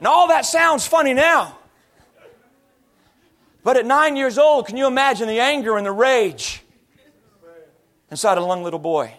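A man's voice: very high voice, animated, measured pace, pauses often, a bit bright. A middle-aged man preaching a sermon, telling stories with acted-out quotes and sound effects. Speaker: pastor. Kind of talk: sermon with storytelling.

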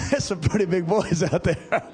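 A middle-aged male pastor preaching a sermon, building to drawn-out shouted emphasis. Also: high-pitched.

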